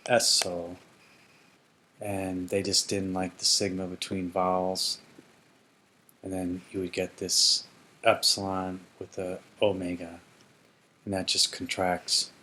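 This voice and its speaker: A man's voice: low-pitched, bright, forceful tone, a little hiss or hum. A man teaching ancient Greek grammar in a casual explanatory lesson, thinking aloud and correcting himself as he goes.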